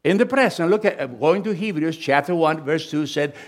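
A man preaching a sermon, reading scripture loudly and emphatically between quieter asides, with small grammar slips. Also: fairly high pitch, normal speed. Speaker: pastor.

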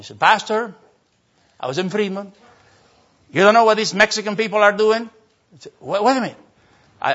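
An older man, a pastor telling a story in a sermon, animated and acting out voices. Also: a little high, breathy edge. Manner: animated, acts out voices and laughter. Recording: dull lo-fi sermon recording.

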